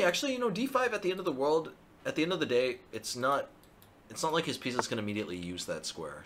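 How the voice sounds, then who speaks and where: A male chess streamer thinking aloud through his live game, excitable and self-mocking. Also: sits low, noisy background.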